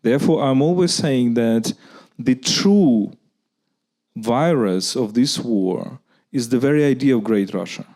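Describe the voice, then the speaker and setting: A man's voice: medium pitch, unhurried, darkish tone. Earnest man with a Ukrainian accent. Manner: earnest, argumentative, with frequent restarts. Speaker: guest speaker. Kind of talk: live public conversation.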